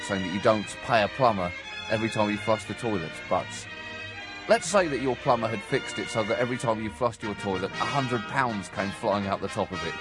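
A man co-hosting a comedy podcast, riffing with wry, mock-indignant satire. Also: fairly low pitch.

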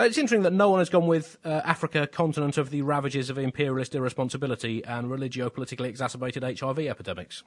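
A man co-hosting a comedy podcast, delivering dry, wry asides in casual banter. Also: medium pitch. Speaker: co-host.

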